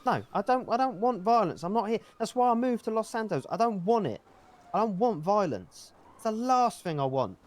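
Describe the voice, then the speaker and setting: A heated man arguing his side with constant swearing. His voice is slightly high and swings widely in pitch, rising sharply when he is riled and sinking low when he mutters. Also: very animated, normal speed. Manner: angry, swearing, defensive. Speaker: roleplay character in a street dispute. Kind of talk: heated in-character roleplay argument.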